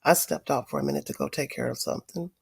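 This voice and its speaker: A middle-aged woman talks straight to her livestream viewers, spinning an animated story full of swearing. She is sick and wheezing from a cold, and her voice is husky and gravelly. The sound is dry and close. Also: a bass voice, fast talker, dry recording. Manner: profane, emphatic, addresses viewers directly. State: tired. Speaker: livestream host.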